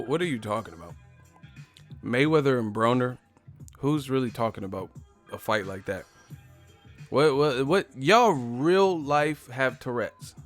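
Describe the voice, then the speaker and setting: A man hosting a boxing live stream in casual chat, animated, swearing freely and laughing a lot. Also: medium pitch.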